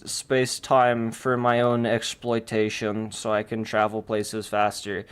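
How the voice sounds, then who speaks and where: A man's voice: lowish voice, expressive, unhurried, gravelly, smooth. A man chatting casually and rambling with jokes while drawing on a stream, thinking aloud.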